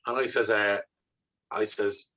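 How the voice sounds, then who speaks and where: A man's voice: fairly low pitch, fairly even intonation, unhurried, pushed and bright, lo-fi sound. An Irish man, a guest in an interview, tells a personal story with intensity, swearing freely and acting out remembered dialogue. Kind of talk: candid conversational storytelling.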